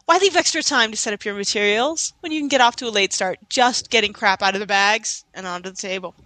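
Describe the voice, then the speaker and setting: Woman on a podcast, bright sharp voice, laughs a lot, dry close mic. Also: medium pitch, quick pace, no echo, poor audio. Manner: laughs often, animated and teasing. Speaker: podcast co-host. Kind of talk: casual chat.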